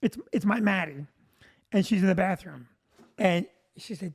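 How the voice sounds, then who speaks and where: A male comedian telling a long comic story, animated and breaking into shouted punchlines. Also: high-pitched, normal speed, vocal fry, slightly rough.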